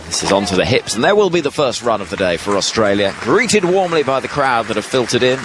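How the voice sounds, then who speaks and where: A man giving ball-by-ball cricket commentary from a ground's commentary box, lively and rising with each delivery. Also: mid-range voice, fast. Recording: broadcast with loud ground noise behind.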